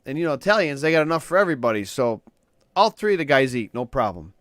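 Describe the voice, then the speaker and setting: A man's voice: medium pitch, very animated, fast talker, fairly bright tone, dry recording, clean studio sound. A man co-hosting a casual comedy podcast, friendly and telling jokes. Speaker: podcast co-host.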